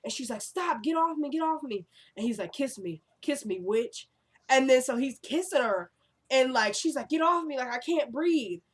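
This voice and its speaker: Animated young woman recapping a show. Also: high voice, moderate pace, husky. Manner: animated retelling, acting out characters' lines; uses fillers like "like" and "y'all". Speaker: vlogger recapping a TV episode. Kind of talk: casual recap chat.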